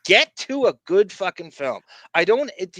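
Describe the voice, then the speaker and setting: A male podcast host talking in a rambling, profane, excitable way. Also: high voice, normal speed, no echo. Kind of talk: casual podcast chat.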